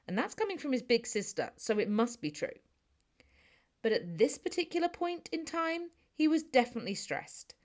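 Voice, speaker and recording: A woman with a British accent narrating a first-person audiobook in a chatty, snarky, conversational manner. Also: medium pitch.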